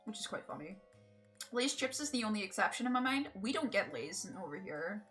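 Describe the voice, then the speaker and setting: Scottish woman streaming games, bright voice, chatty and sweary, laughs a lot. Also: mid-range voice, very animated, a little fast, soft background music. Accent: Scottish, between Edinburgh and Glasgow. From Scotland. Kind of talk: casual live-stream chat while gaming.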